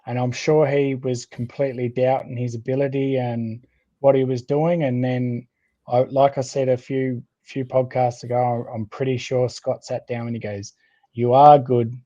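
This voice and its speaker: An Australian man co-hosting a casual sports podcast, jokey and laughing often, with relaxed slang. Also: medium pitch, moderate pace. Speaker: podcast co-host. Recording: slightly dull lo-fi sound.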